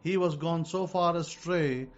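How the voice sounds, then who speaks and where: A man's voice: fairly high pitch, a little slow, dull audio. A man teaching as a rabbi in an emphatic sermon, hammering home his points by repeating them. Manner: emphatic, repeats key statements.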